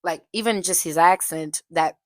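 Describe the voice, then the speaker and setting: A woman's voice: lowish voice, moderate pace, dry recording. A young woman giving a casual, chatty film review, full of "like" fillers. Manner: chatty, heavy use of "like" fillers, occasional laughs. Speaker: movie reviewer.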